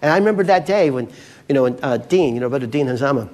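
A man's voice: mid-range voice, animated, fast talker, darkish tone. A male pastor preaching a casual, storytelling sermon, talking to his congregation in a chatty way with many asides.

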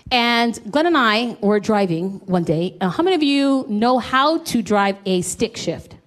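High-voiced woman preaching with lively storytelling. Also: a little slow. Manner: animated, acts out quoted dialogue. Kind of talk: sermon with personal storytelling.

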